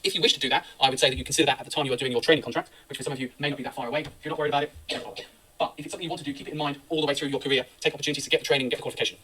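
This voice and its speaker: Middle-aged man, law lecturer, rapid husky delivery, distant mic. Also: medium pitch, steady tone, sharp tone. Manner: brisk, anecdotal, reassuring. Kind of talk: classroom lecture.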